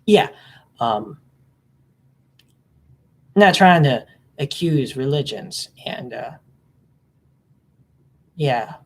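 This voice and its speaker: A vlogger talking in a casual, rambling monologue, hopping between topics, the voice jumping up in pitch when excited. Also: extremely slow, pauses often. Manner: mimics other people in silly voices.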